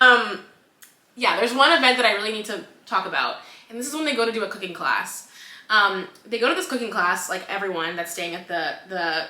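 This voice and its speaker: A young woman co-hosting a book podcast, retelling the plot in a lively, casual way, acting out the characters and swearing freely. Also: mid-range voice, brisk, roomy sound. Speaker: podcast co-host. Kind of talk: casual chat.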